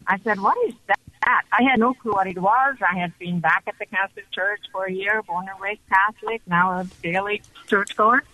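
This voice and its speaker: A woman calling in to a radio show, telling her story in an excited, chatty way. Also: medium pitch, normal speed, hardly any pauses, dry recording. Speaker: caller. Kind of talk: call-in radio testimony. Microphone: telephone. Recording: muffled phone line.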